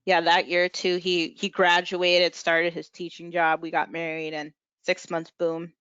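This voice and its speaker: A woman's voice: fairly low pitch, completely flat delivery, a little slow, a bit bright, clear, resonant tone, no echo. A woman chatting casually on a video call, hesitant, with many ums and likes. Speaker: support group member. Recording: muffled video call audio.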